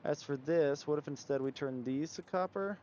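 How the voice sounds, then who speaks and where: A man's voice: a little high, moderate pace, warm tone, dull audio, a little hiss or hum. A man livestreaming a building game, thinking aloud in a musing, casual way as he tries out changes. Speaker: gaming livestreamer. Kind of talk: casual gameplay commentary.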